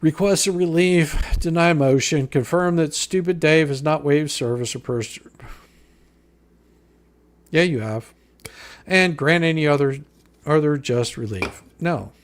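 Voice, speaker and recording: His voice is on the high side, a little slow, with frequent pauses. He's hosting a live stream where he reads a legal filing out loud and mocks each point with swearing and sarcasm.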